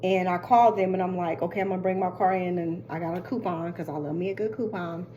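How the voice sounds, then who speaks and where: An older woman casually telling a long story, chatty and animated, acting out what others said. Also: fairly low pitch, quick pace, muffled recording, slight background noise. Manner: chatty, animated retelling with quoted voices.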